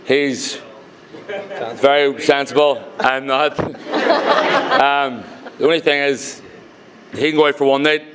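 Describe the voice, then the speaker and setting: Groom giving a halting, teary wedding speech. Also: male voice, medium pitch, animated, a bit bright, slight background noise. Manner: halting, many ums, teary and joking. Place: wedding reception hall with guests.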